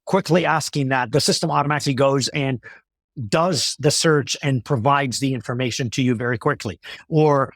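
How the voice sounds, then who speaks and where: A male company executive explaining his ideas in a business interview, in a measured way with many fillers and restarts. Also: medium pitch, dry recording, clean studio sound.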